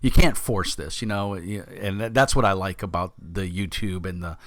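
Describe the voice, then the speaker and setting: Older man, Brooklyn accent, low voice, dry sound, profane rambling host, video call. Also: normal speed, fairly bright tone, dry recording. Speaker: podcast host. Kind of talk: casual interview chat.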